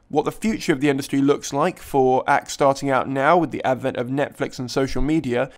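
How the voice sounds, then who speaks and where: A man hosting a comedy industry podcast, giving a friendly, upbeat intro. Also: fairly high pitch. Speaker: podcast host.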